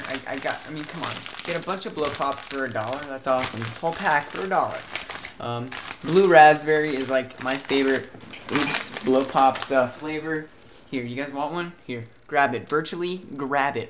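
A young man from Southern California chatting casually to camera in a rambling, animated vlog about his day. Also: mid-range voice, background noise. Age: young adult. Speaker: vlogger.

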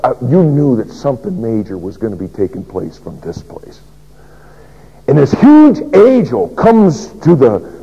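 A man preaching a dramatic first-person sermon as a pastor, swinging between loud declaration and hushed whisper. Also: mid-range voice, husky. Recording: dull lo-fi sermon recording.

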